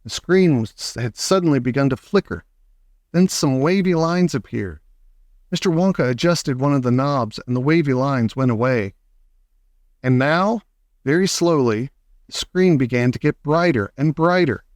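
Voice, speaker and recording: A man narrating a children's story aloud in a steady, expressive reading. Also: medium pitch, normal speed, dry recording, studio quality. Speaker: audiobook reader.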